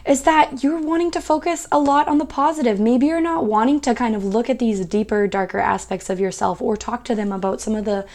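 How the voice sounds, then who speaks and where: A young woman with a fairly high voice reads tarot cards in a relaxed, chatty way. She reassures the listener, drops in plenty of fillers and now and then slips into playful quoted voices. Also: brisk, hardly any pauses. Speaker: tarot reader. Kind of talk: casual tarot reading to camera.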